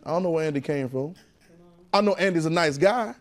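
A man's voice: on the high side, brisk. A man with a Southern US accent preaching a sermon to his church, talking conversationally, laughing and calling for responses from the congregation. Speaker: pastor.

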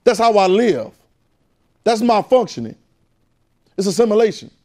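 A man's voice: high voice, very animated, moderate pace, a little mellow. A man teaching a Bible class in a preaching style, repeating phrases and calling out questions to the room. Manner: call-and-response, repetitive, emphatic.

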